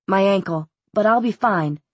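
A woman's voice: mid-range voice, normal speed, slightly rough, no room sound, lightly acted. A woman voicing a tough, blunt teenage girl with a dry, wry way of talking.

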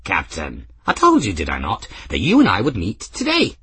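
A man putting on a twittering, scatterbrained old gentleman who leaps up high and loud into excited exclamations, wandering all over the scale. The voice stays very husky, and the sound is close and dry, like a storybook reading. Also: moderate pace, no room sound, exaggerated voice. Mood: excitable.

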